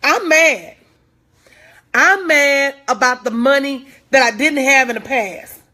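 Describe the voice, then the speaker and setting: A woman's voice: sits high, a little slow, bright, forceful tone. A woman giving a live-stream motivational talk, preaching with lots of repetition, urging viewers to respond and greeting them by name in a casual, folksy way. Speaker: motivational speaker.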